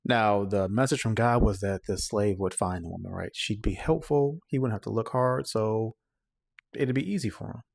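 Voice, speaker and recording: A man hosting a daily Bible reading show, retelling the stories in a relaxed, slangy paraphrase and often checking in with the listener. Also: lowish voice, moderate pace, gravelly, no room sound. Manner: conversational, checks in with "right?". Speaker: host. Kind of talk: casual Bible reading recap.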